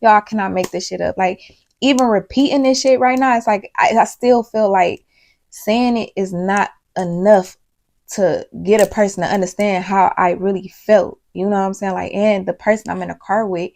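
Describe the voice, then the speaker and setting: A woman's voice: medium pitch, fairly even intonation, normal speed, vocal fry, a little mellow. A woman telling a storytime video, rambling and emphatic, swearing often, talking straight to her viewers and sounding worked up and worried. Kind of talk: casual storytime monologue.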